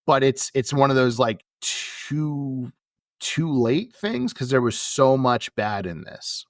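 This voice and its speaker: A man with a mid-pitched voice co-hosting a casual podcast, recapping events with dry sarcasm. The sound is close and dry, with no room around it. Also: expressive, slow pace, dry recording. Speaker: podcast co-host.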